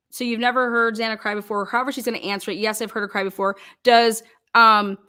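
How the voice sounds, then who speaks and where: A woman's voice: on the high side, bright, forceful tone. A woman commentator acting out a cross-examination, firing pointed questions one after another. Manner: rapid-fire pointed questioning.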